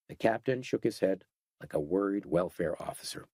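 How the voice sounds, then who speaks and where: A man's voice: low voice, lively intonation, moderate pace, darkish tone, no room sound. Male audiobook narrator, dry sound. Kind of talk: scripted horror narration.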